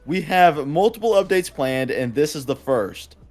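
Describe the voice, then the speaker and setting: A man with a slightly high voice reads a game announcement aloud for a podcast panel. His delivery is steady and plain. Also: moderate pace, faint music behind. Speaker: podcast co-host.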